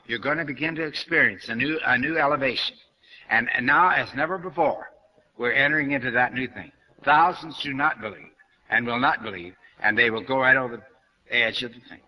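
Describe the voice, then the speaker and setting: A man's voice: medium pitch, a little fast, bright, forceful tone, low-quality recording. An older man giving a spiritual lecture to an audience, blunt and questioning, speaking straight to his listeners. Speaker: New Thought lecturer.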